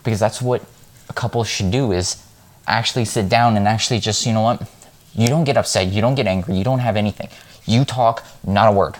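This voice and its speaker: A man's voice: on the low side, fairly quick. A man vlogging in a casual monologue, talking in a frank, rambling and heated way.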